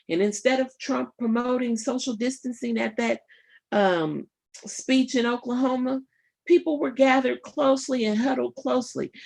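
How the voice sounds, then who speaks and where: Gravelly, husky woman radio host. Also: a little high. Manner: emphatic, rhetorical, addresses listeners directly; thinks aloud with fillers and pauses. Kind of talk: live political commentary.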